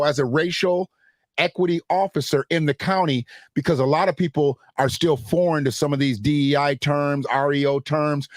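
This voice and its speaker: A man hosting a talk show, his voice pitched a little high and recorded dry and close. He talks in a lively, loose, slangy way, full of energy and warmth toward his guest. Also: dry recording. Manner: animated, conversational, slangy. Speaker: podcast host. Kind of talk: casual interview talk.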